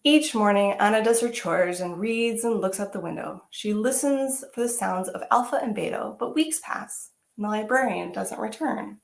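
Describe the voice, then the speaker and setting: A woman teaching artist reading a picture book aloud to children, animated and exclamatory, often asking them questions. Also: medium pitch, moderate pace, gravelly, few pauses, echoey room.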